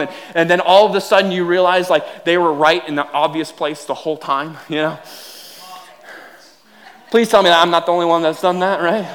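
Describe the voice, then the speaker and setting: A man preaching a sermon, animated and self-deprecating, telling funny everyday stories and often repeating words. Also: sits high. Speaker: pastor. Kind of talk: sermon with humorous storytelling.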